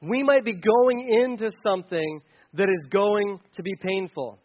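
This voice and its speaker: High-voiced man preaching a casual sermon. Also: a little slow, dull audio. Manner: conversational, animated with playful asides. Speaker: pastor.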